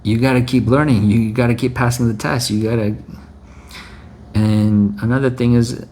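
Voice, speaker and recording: A man's voice: mid-range voice, fairly even intonation, moderate pace, dark tone, slight background noise. A male preacher delivering an exhorting sermon, repeating phrases and often checking with a "right?".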